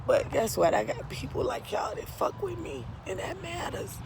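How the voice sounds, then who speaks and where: Gravelly, tearful woman testifying to viewers. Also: a little high, huge pitch swings, normal speed, background noise. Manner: impassioned, profane, repeatedly addresses viewers as y'all. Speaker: vlogger.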